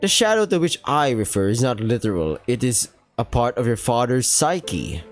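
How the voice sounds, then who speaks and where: A man's voice: mid-range voice, big pitch swings, normal speed, faint music behind, close to an everyday voice. A man voicing a blunt, lecturing middle-aged male therapist in a game playthrough.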